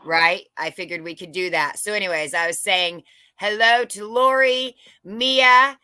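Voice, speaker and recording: A woman's voice: medium pitch, measured pace, pushed and bright, smooth, dry recording. A woman hosting a livestream, chatting casually, joking and greeting viewers by name. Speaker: livestream host. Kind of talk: casual live-chat greetings.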